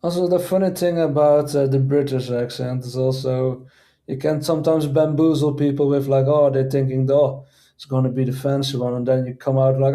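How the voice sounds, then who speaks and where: A man hosting a casual livestream chat, quaintly formal with frequent "indeed" and "I say," pausing often on fillers. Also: mid-range voice, fairly even intonation, warm tone. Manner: hesitant, many fillers. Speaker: streamer host.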